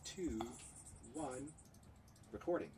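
A man's voice: mid-range voice, animated, takes it slowly, dark tone, slight background noise. A man co-hosting a podcast, playfully teasing and counting in recording takes. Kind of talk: casual chat, counting in takes.

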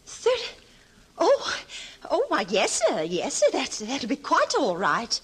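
A woman's voice: on the high side, huge pitch swings, a little slow, slightly rough, full character voice, poor audio. An actress playing a timid, eager-to-please landlady who stammers in flustered deference, in an old-time radio drama.

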